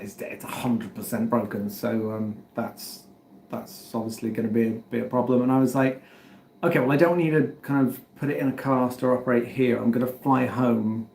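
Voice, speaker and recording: A man's voice: mid-range voice, a little mellow. A man with an English accent chatting casually to his livestream viewers, rambling and self-deprecating as he tells a story and fiddles with his setup. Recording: roomy echoey home recording.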